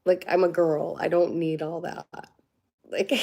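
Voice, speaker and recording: Chatty woman with a gravelly, low voice. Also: little pitch movement, slow pace, a little mellow. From United States. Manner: chatty, candid, laughs often. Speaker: livestream host. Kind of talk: casual livestream chat.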